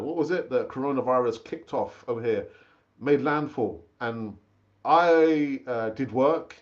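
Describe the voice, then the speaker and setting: Middle-aged male stream host, fairly high voice, dull lo-fi sound, loose repetitive chat. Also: a little mellow. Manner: chatty, repeats himself, calls viewers brother. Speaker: football fan channel host. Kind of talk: casual live stream chat.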